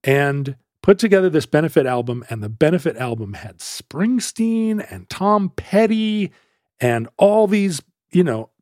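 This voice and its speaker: A man in easy conversation with a lively voice that swings up and down, a little higher than most men, and he keeps slipping into other people's voices while he tells the story. He sits close to a dry, dead-sounding mic. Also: a little slow, dry recording. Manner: animated storyteller who acts out quoted voices. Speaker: podcast host. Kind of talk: casual storytelling chat.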